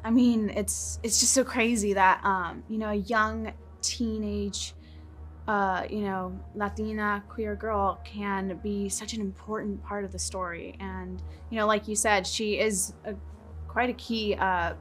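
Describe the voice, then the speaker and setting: A woman's voice: mid-range voice, steady tone, measured pace. A woman, an actress, talking in a press interview in an enthusiastic way, with many fillers. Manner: enthusiastic, lots of "you know" fillers.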